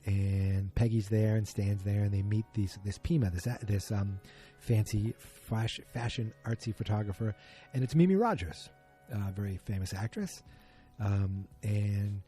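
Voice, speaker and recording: A man with a husky, very dark and mellow voice talks through a TV episode as a podcast host. He rambles casually, stops to correct himself and fills gaps with ums. Faint music sits behind him. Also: lowish voice. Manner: rambling, filler-heavy, self-correcting. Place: at home beside a muted streaming screen.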